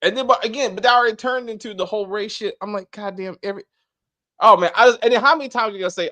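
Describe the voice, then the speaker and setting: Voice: mid-range voice, rapid-fire, fairly bright tone. A co-host of a casual movie review chat online, rambling and profane, tripping over words. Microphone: streamed online call.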